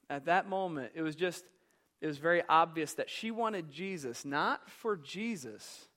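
A man preaching a sermon as pastor, telling a story with passion, swinging from hushed to loud. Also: fairly high pitch, animated, unhurried. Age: young adult.

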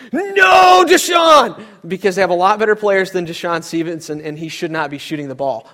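A man's voice: a little high, fairly bright tone. A young adult man preaching a sermon, telling stories with animation and acting out other people's voices. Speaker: pastor.

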